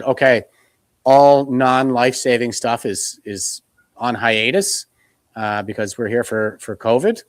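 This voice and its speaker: A man's voice: medium pitch, dry recording. A man from Canada, a guest in a casual interview, talking earnestly and retelling past conversations with many restarts.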